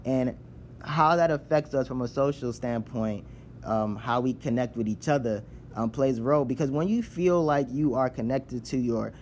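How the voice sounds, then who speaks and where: A man's voice: mid-range voice, moderate pace, a little mellow, slight background noise. Chatty Nigerian-born man explaining things. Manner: conversational, often checks in with "right?" and restarts sentences. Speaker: speaker on immigrant identity. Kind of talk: casual explanatory talk.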